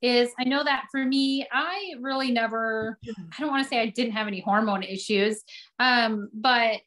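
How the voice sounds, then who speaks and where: A woman in her forties hosting an online class, talking earnestly and warmly with frequent restarts. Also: a little high, moderate pace. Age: 40s. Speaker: host. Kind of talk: casual class chat.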